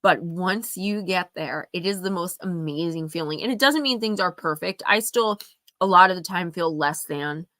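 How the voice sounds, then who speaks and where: A woman's voice: lowish voice, normal speed, pushed and bright, dry recording, studio quality. A woman hosting a live oracle card reading, giving earnest, emphatic advice straight to her viewers. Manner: earnest, emphatic, confiding, speaks to viewers directly.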